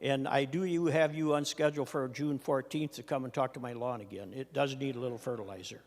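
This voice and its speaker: A man's voice: mid-range voice, fairly even intonation, brisk. An older man from Minnesota, a retiring state senator, giving a farewell floor speech with folksy storytelling and dry humor. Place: legislative chamber. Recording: long reverb of a large chamber.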